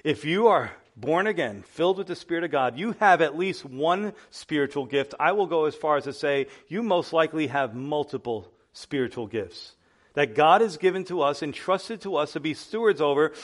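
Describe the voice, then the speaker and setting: A man preaching a sermon as pastor, impassioned and swinging between hushed and loud passages. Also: fairly high pitch, expressive, normal speed.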